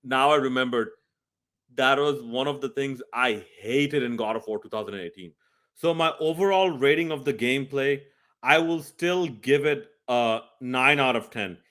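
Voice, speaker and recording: A man's voice: mid-range voice, normal speed, a bit bright. A man reviewing a video game, speaking earnestly and emphatically straight to his viewers. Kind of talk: scripted review talk.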